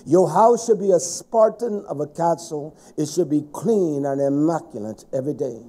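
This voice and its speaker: A middle-aged man preaching a stern, scolding sermon to a congregation, rising to shouts at times. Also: fairly high pitch, normal speed.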